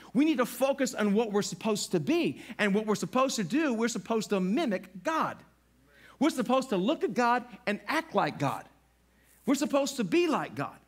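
A middle-aged man pastor preaching a sermon in a church, animated and acting out little voices as he talks. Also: very high voice. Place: church sanctuary.

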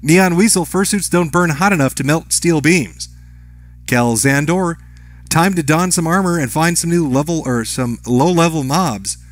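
Man, fairly high voice, reading donation messages, casual stream, dry close sound. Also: moderate pace, dry recording. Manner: reads chat names and messages aloud, brief offhand replies.

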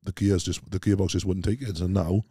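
A very low-pitched man talks quickly in a casual interview, with a dark, mellow tone. He rambles through lively stories and keeps calling the host "mate." His voice is recorded close and dry. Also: breathy edge, no room sound. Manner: rambling, animated storytelling peppered with "mate". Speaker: podcast guest, strongman athlete.

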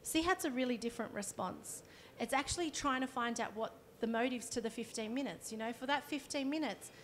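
A woman's voice: fairly high pitch, a little hiss or hum. A woman, a counsellor giving a conversational workshop talk and demonstrating as she explains. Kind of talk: live presentation to an audience.

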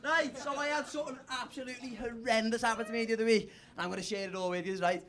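Delivering a crude, rambling story as part of a stand-up set, a young man speaks very fast in a very high-pitched, slightly bright voice with fairly even intonation. The comedy club audience can be heard laughing throughout the live recording.

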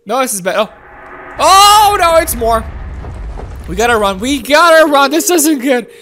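Very high-voiced excitable game commentator. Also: female voice, unhurried, slight background noise. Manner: excitable, giggly, talks to viewers. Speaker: gameplay commentator.

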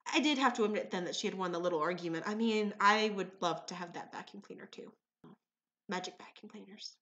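A woman's voice: medium pitch, fairly quick, a bit bright. A woman vlogger telling funny everyday stories in a theatrical, wry, playful way. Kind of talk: comic storytelling vlog.

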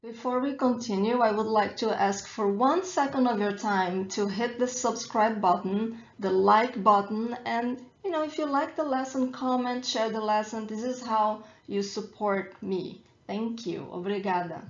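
A Brazilian woman with a Brazilian Portuguese accent, teaching a pronunciation lesson and saying each word slowly and deliberately so listeners can repeat. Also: on the high side, echoey room, lo-fi sound. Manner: slow, deliberate modeling of words for repetition. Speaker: language teacher.

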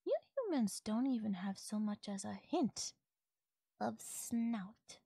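A naive young wolf-girl, voiced by a woman in an ASMR audio role-play, asking question after question. Her voice sits high and swoops up and down, and she takes her time with every word. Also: animated, takes it slowly, creaky, mellow, breathy edge, dry recording, studio quality, heavily acted. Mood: soft, wondering. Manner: wondering, questioning, innocent. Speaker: voice actress.

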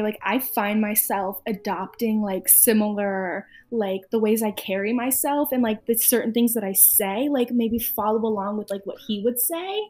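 A woman's voice: mid-range voice, moderate pace, hardly any pauses, a little mellow. A young woman contestant chatting casually on a dating stream, filling her talk with "like" and "um". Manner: chatty, giggly, lots of "like" and "um". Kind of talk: casual chat.

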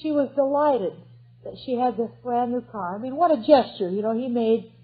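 A woman's voice: fairly high pitch, moderate pace, husky. Earnest woman preacher, tinny recording. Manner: earnest, emphatic preaching with direct questions to the audience. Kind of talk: sermon.

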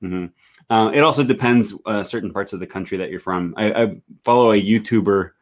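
Relaxed low-voiced male host. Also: brisk. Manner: relaxed, curious, many fillers. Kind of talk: casual video call chat.

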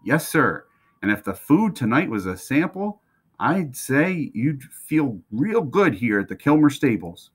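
A man's voice: mid-range voice, very animated, measured pace, slightly rough, pitched above the performer's own voice. A man doing an earnest young stable boy. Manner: earnest, polite drawl.

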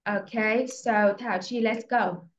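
A Vietnamese-accented woman teaching English, her voice high and her questions slow and patient. The recording is echoey and a little dull, like a room picked up through a modest mic. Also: fairly even intonation. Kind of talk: online speaking test with a young pupil.

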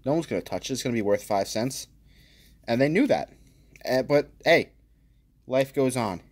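A man hosting his own channel, casually commenting as he opens card packs, joking and reading card names aloud with bursts of excited exclaiming. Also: medium pitch, moderate pace.

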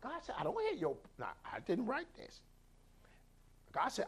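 High-voiced preaching man. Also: huge pitch swings, measured pace, slightly rough. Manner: preaching with call-outs, acting out quoted voices. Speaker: pastor. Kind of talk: sermon.

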